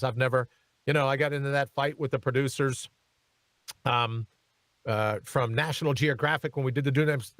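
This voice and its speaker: A man's voice: mid-range voice, no echo. A man hosting a talk radio show, giving emphatic commentary and turning often to his co-host. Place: radio studio.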